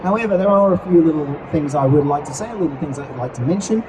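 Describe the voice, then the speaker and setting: Casting: a fairly high-voiced man, chatty convention-stage presenter, captured on a distant mic in a noisy venue. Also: fast talker. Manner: chatty, playful, explaining with acted examples. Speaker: co-host teaching character creation. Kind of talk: live stage talk at a fan convention.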